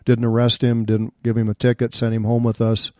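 A man's voice: mid-range voice, monotone, brisk, darkish tone, no room sound, studio quality. A middle-aged man, an interview guest, telling a personal story in an earnest, candid and reflective way.

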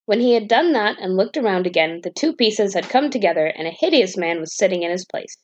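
A woman reading a fairy tale aloud as a bedtime story, in a calm, even storytelling manner. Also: mid-range voice, a little fast, lo-fi sound.

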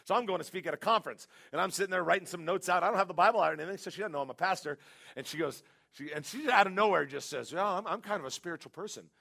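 A man preaching a sermon as pastor, telling jokey stories with animated, shouted bursts. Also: high voice, racing, vocal fry.

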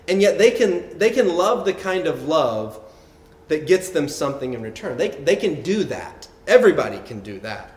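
A man's voice: a little high, reverberant. A man preaching a sermon in a conversational way, often repeating words and checking in with the listeners. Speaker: pastor.

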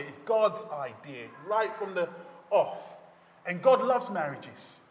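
A pastor, a man, giving an emphatic storytelling wedding sermon in a church. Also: high-pitched. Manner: storytelling, emphatic with slow stretched phrases. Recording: echoey church hall.

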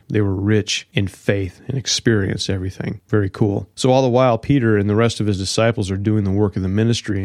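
A man's voice: fairly low pitch, a little mellow, no room sound, studio quality. A man giving a verse-by-verse Bible teaching in a conversational way, with casual slang asides.

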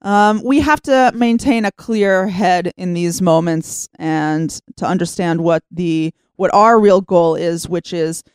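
Woman, middle-aged, co-host, agreeable, measured, smooth voice. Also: fairly low pitch, darkish tone, no echo. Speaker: radio co-host. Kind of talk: radio discussion.

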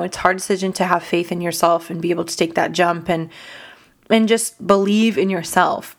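A young woman hosting a podcast, talking earnestly and emotionally with a voice cracking from crying, full of "like" and "you know". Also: fairly low pitch. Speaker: podcast host. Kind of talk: casual solo podcast talk.

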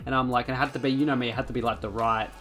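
Fast-talking Australian man podcaster. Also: mid-range voice, soft background music. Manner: animated rambling storyteller, swears freely. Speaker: podcast co-host. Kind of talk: casual chat.

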